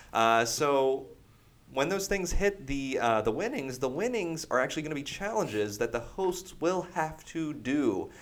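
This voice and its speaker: A man hosting a casual gaming podcast, upbeat and chatty, rambling along with plenty of "uh"s as he plugs a charity stream. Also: mid-range voice. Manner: upbeat, promotional, rambling with many fillers. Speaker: podcast host.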